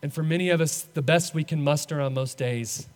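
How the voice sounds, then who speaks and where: An earnest male pastor with a high, light voice, preaching to his congregation. He often sinks into soft, slow endings. A long church hall reverb trails behind him. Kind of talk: sermon. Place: church sanctuary.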